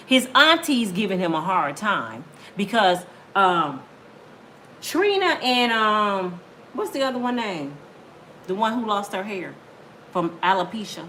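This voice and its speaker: A woman's voice: fairly high pitch, fairly bright tone, slight background noise. A woman in her fifties hosting a celebrity gossip channel, chatty and talking straight to her viewers.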